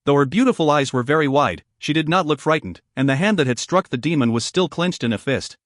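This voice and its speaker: Male audiobook narrator, slightly high voice, close dry sound, measured delivery. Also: dry recording. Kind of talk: scripted narration.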